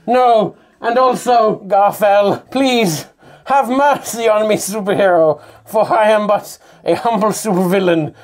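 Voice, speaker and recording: A man's voice: high voice, a little slow. A man improvising a boastful, bumbling male supervillain who monologues theatrically. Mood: panicked. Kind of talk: improvised comedy presentation.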